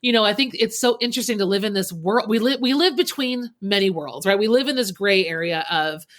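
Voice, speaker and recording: A woman's voice: mid-range voice, fairly quick. A woman hosting a podcast interview. She is enthusiastic and rambles a little as she sets up her questions, keeping the chat casual. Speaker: podcast host.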